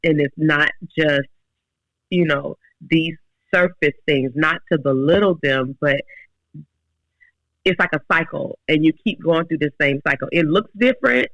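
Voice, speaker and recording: A woman's voice: deep voice, unhurried, fairly bright tone, no room sound, muffled recording. A woman in her forties, a podcast guest, telling her faith story earnestly with many restarts. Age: 40s. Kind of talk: casual faith talk.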